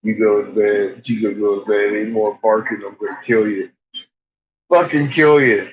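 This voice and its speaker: A man's voice: lowish voice, monotone, a little fast, a little mellow. A man chatting casually late at night, cooing at his dogs, laughing often and swearing freely, on a slightly dull lo-fi recording. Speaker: vlogger.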